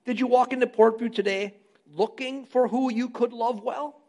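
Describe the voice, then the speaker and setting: Gravelly, high-pitched man preaching. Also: steady tone, normal speed, lo-fi sound. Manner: emphatic preaching, rising loud on key phrases. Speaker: pastor. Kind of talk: sermon. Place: church.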